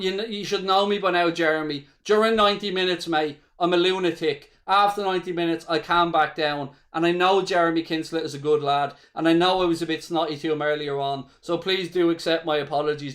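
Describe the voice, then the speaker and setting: A man's voice: fairly high pitch, steady tone, brisk, few pauses, a bit bright. A man with an Irish accent hosting a live football watchalong, calling the play as a fan, swearing freely and chatting with viewers. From Ireland. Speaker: watchalong host.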